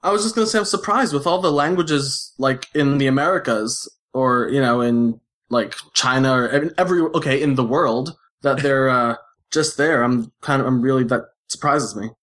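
A podcast co-host chatting casually, speaking in a halting way with restarts. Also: mid-range voice, a bit bright. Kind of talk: casual discussion.

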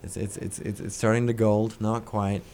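A man's voice: lowish voice, level tone, moderate pace, darkish tone, slight background noise. A young man chatting casually, rambling and joking, often playfully defensive. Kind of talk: casual chat.

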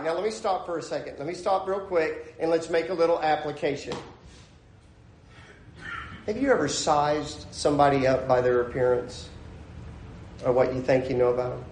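A male pastor preaching an animated sermon, acting out scenes as he goes, in a church. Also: on the high side, normal speed, long pauses. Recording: echoey room.

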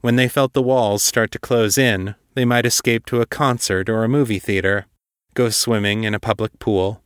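Male podcast host, low register, dry close recording, reading fantasy fiction with steady deliberate pacing. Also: no echo. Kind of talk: scripted narration of a dark fantasy story.

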